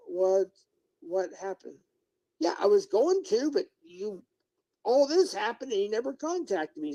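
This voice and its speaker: With a medium-pitched, dark voice on a muffled recording, a livestreamer rants confrontationally at one person. They scold and lecture, repeating questions as they push for answers.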